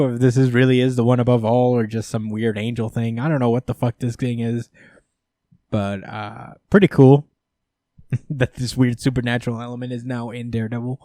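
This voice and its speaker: A man hosts a podcast, recapping a comic in a loose, casual way with plenty of swearing and laughter. His voice is mid-pitched for a man. The sound is dry and close to the microphone. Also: darkish tone, no echo. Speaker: podcast host.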